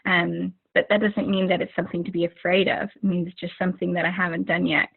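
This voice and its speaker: Husky young woman on a tinny call. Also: fairly low pitch, flat delivery, fast. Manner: rambling, many fillers and restarts. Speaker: team leader giving a motivational talk. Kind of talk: informal motivational talk on a video call. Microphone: video call. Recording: narrow phone-like video call audio.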